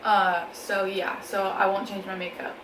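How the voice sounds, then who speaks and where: A woman's voice: mid-range voice, level tone, a little slow. A young woman chatting casually in a mukbang vlog, laughing often and talking between bites at home. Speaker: vlogger. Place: home, indoors. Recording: echoey room, faint background noise.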